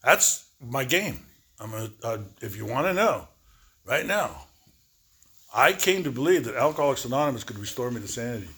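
A man's voice: mid-range voice, sing-song, moderate pace, bright, forceful tone. A man in his sixties giving a rambling personal recovery testimony, full of fillers and repeats, acting out both sides of remembered talks. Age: 60s. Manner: rambling, repetitive storytelling with many fillers. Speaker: recovery speaker.

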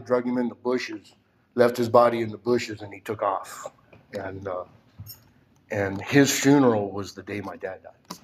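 Low-voiced man in his sixties, halting. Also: slight background noise. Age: 60s. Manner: halting, heavy with "and, uh", often dropping almost to a whisper. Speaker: storyteller recounting his past. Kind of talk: personal testimony.

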